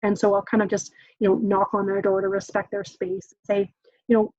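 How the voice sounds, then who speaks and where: A woman's voice: medium pitch, little pitch movement, a little fast, a little mellow, no room sound. A young woman presents a caregiver training in a loose, conversational way, filling her talk with "um" and "like." Her voice sits in a middling register and is recorded dull and lo-fi. The sound is dry, with no room around it. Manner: chatty, many "um"s and "like"s. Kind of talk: casual online training talk.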